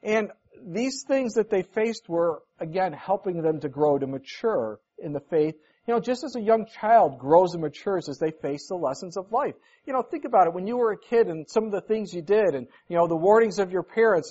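A man's voice: high voice, expressive, moderate pace, hardly any pauses, warm tone. A man preaching a conversational sermon as pastor, folksy and anecdotal, acting out the voices in his stories. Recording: dull lo-fi recording.

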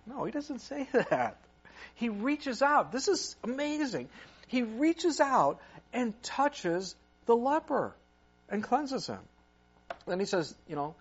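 A man preaching a sermon, retelling a story with lively asides and acted-out voices. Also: high voice, a little slow. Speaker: pastor. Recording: muffled lo-fi recording.

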